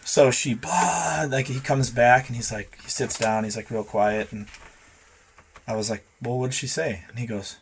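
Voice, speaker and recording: A man's voice: mid-range voice, steady tone, measured pace, creaky, a little hiss or hum. A man in his thirties, a podcast guest, telling a long rambling story in casual chat, swearing often and acting out the dialogue.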